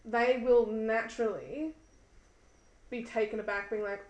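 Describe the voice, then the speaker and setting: A woman's voice: a little high, steady tone, a little slow, a little mellow. A woman talking earnestly about faith in a casual chat, repeating words as she searches for them. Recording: echoey room with faint noise.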